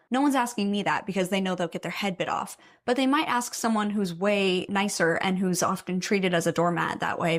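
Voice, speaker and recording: A young woman gives casual commentary on stories she reads aloud. She is blunt and opinionated, and she swears freely as she talks. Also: medium pitch. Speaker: story reader and commentator.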